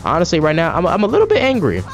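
A man's voice: fairly high pitch, huge pitch swings, rapid-fire, faint music behind. A man giving casual, profane gameplay commentary, trash-talking enemies and rambling in asides with frequent restarts. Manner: profane, reactive trash talk at the game. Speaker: gaming channel host.

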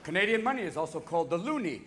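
On a theater stage, a comedian with a high, slightly bright voice tears through a manic, profane set, his pitch swinging widely as he rapidly switches voices. Audience laughter and slight background noise come through in the live recording.

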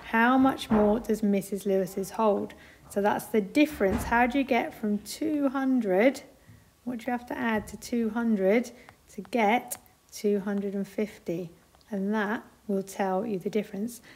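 A woman teacher, explaining maths and reading a picture book aloud to young children in a clear, patient way. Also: mid-range voice, fairly even intonation, measured pace, a little mellow. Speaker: primary school teacher.

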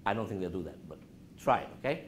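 Animated man lecturing a college class. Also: quick pace. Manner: animated, asks the audience questions, drops his voice low to show calm. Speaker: guest speaker at a college business class. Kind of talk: interactive talk to students. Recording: roomy classroom with faint noise.

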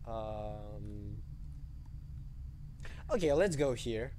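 Slow-talking man with lively pitch. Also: background noise. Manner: hesitant with many fillers, yelping and swearing at scares. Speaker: let's play gamer. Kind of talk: horror game commentary.

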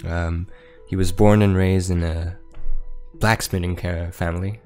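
A man playing a tabletop game, describing his character haltingly with many fillers. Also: deep voice, flat delivery, a little mellow, faint music behind. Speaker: player.

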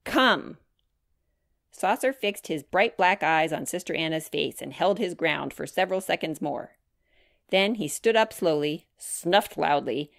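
Measured, low-voiced woman storyteller. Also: gravelly, no echo, studio quality. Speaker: author reading her book. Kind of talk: children's storytime narration.

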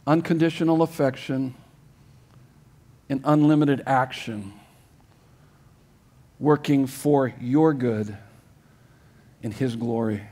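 A middle-aged male pastor preaching a sermon, emphatic, going from loud urging to soft, hushed lines and often restarting his phrases. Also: fairly high pitch. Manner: repeats words and restarts phrases. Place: church sanctuary.

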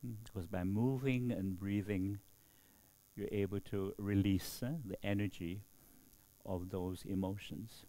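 A middle-aged man, a Buddhist monk, giving a slow dharma talk and often checking in with a questioning "hmm?". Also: lowish voice, warm tone.

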